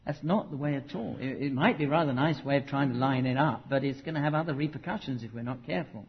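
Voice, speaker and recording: A man's voice: medium pitch, fast talker, husky. A man preaching a teaching sermon, emphatic and conversational, with asides to his listeners. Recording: muffled hall recording with long reverb.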